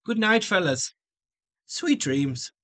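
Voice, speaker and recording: A man's voice: high voice, big pitch swings, takes it slowly, fairly bright tone. A man hosting a gaming video, joking and playful as he comments on his play. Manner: joking, playful, with silly voices and outbursts.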